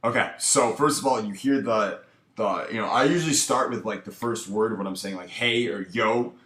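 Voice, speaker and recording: A man's voice: lowish voice, brisk, fairly bright tone. A man coaching casually, breaking down footage with a laid-back, filler-heavy way of talking. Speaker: dating coach. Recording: echoey room.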